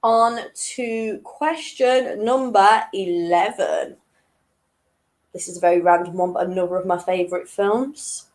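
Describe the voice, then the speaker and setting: A woman hosting an online weekly quiz, chatty and laughing at her own jokes, reading each question twice slowly and clearly. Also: mid-range voice. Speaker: quiz host.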